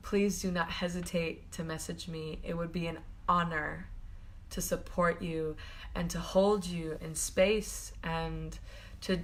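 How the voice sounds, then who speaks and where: A woman with a lowish, steady voice speaks at a measured pace while hosting a live stream as a spiritual coach. She talks to her viewers in a gushing, affectionate way, laughing often and rambling loosely with plenty of fillers.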